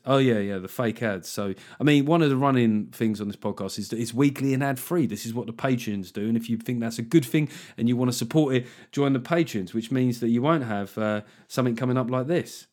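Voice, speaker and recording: A man's voice: medium pitch, lively intonation, normal speed. A middle-aged man hosting a solo comedy podcast, rambling wryly and swearing as he goes. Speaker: podcast host.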